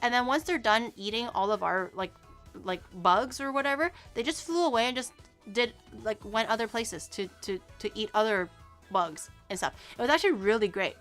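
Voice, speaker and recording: A woman VTuber chatting casually on a live stream, her voice bright and a little high. She rambles, giggles often and restarts her sentences. Soft music plays faintly under her talk. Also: lively intonation, normal speed.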